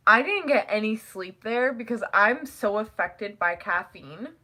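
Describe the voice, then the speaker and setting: A young woman chatting casually to camera, rambling and giggling, who acts out family quotes in high voices. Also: animated, unhurried, sharp tone. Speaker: vlogger. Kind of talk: casual chat.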